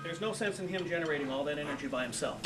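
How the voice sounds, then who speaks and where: A man's voice: a little high, racing, over music. Man coaching a jazz band, distant. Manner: animated, joking coaching. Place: school band room. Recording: distant mic with room noise.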